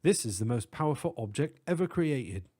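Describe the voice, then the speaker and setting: A man's voice: medium pitch, very animated, moderate pace, mellow, husky. A man voicing a frail, fussy middle-aged male professor with a British accent, polite and reassuring. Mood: explaining.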